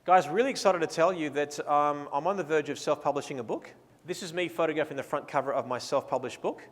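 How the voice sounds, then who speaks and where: A man's voice: a little high, quick pace, in a large hall. An Australian man presenting a photography seminar in a casual, enthusiastic, playful way, mixing talk with live posing directions.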